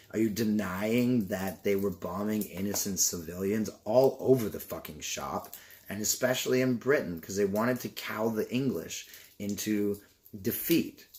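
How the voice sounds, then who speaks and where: A young man from Canada opening boxes in a casual vlog, rambling and swearing and getting sidetracked. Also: fairly low pitch. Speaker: vlogger.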